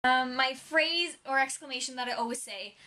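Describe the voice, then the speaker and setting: Young female vlogger, bright tone, rambling casual chat. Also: sits high, normal speed. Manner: rambling, chatty, lots of "um" and "like".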